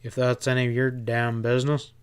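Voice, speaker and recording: A male narrator voicing Pat, a steady, level-headed cowboy gunman who talks firmly and tersely. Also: mid-range voice, fairly quick, clear, resonant tone, close to an everyday voice.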